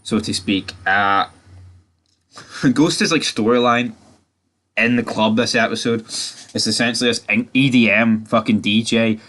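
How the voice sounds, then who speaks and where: A man's voice: a little slow, long pauses. A man giving a casual spoken recap of a TV season, ranting animatedly and swearing a lot. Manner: animated, sweary ranting with sudden jumps in pitch. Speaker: TV review host.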